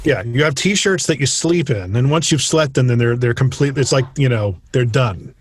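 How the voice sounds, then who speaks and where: A man co-hosts a casual podcast, chiming in with jokes and stories. His voice is husky and his pitch sits mid-range for a man. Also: moderate pace, no room sound. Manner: jokey, storytelling. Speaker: podcast co-host. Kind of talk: casual interview chat.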